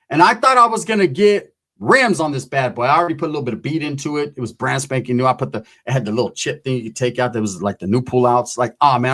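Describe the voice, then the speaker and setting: A man's voice: medium pitch, fairly bright tone. A middle-aged man, telling a loose, profane story with slang and constant asides. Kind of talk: casual storytelling.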